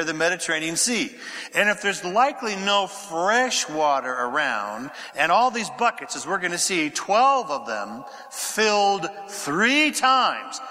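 A pastor preaching a sermon, reading scripture aloud, questioning his congregation and dropping to a whisper for quiet passages. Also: a little high. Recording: echoey hall with long reverb.

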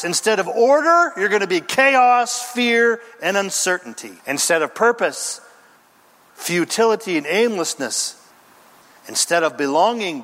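Animated high-voiced male preacher in a reverberant hall. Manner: emphatic, dramatic preaching with long pauses and lists. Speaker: pastor. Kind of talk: sermon.

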